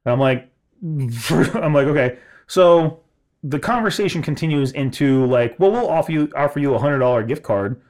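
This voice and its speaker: Animated man telling a rant story. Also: fairly high pitch, normal speed. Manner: animated, swearing, laughing, mimicking others in quotes. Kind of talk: casual storytelling chat.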